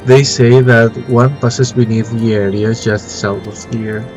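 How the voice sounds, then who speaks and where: A man with a flu-stuffed nose reading out a formal, learned young male scholar's game dialogue in a plain, slightly halting voice. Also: medium pitch, fairly even intonation, over music, lightly acted, low-quality recording. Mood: earnest.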